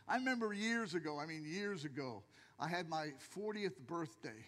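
High-voiced, animated male pastor. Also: measured pace, pauses often, in a large hall. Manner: jokey, animated storytelling, acts out voices. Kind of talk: sermon. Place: church.

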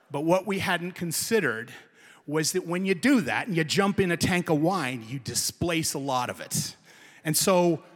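A man telling a comic personal story to a live audience, lively and emphatic. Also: a little high, long reverb tail.

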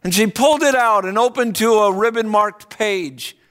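A man preaching a sermon, telling a story in an earnest, deliberate way before turning to ask the listeners questions. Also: sits high, fairly bright tone. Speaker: pastor.

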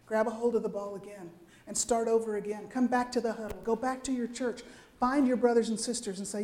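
An older woman delivers a sermon with a voice that sits a little higher than most. She talks in a loose, conversational way and keeps pulling her listeners in with quick asides. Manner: lively, conversational, frequent "right?" asides. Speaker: preacher.

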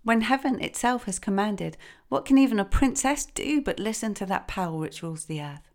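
A woman's voice: mid-range voice, animated, fairly quick, pitched above the performer's own voice, natural voice. A woman voicing a devout young princess who answers her father tenderly but firmly. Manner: earnest, tender.

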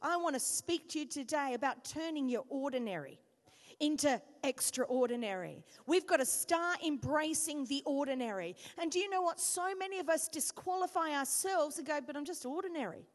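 A woman from Australia preaching a sermon as pastor, with animated storytelling and self-mocking humor. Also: high-pitched, moderate pace. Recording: long hall reverb.

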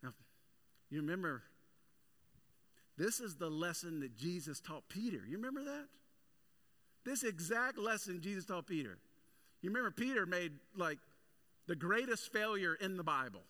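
A male pastor preaching a sermon with energetic, animated storytelling. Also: high-pitched, normal speed, pauses often.

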